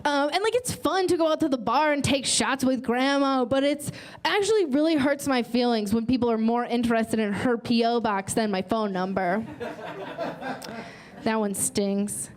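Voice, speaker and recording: Brash high-voiced woman doing stand-up. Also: normal speed. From North Carolina. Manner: brash, bawdy punchlines. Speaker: stand-up comedian and host. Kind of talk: stand-up comedy set. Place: comedy stage with live audience.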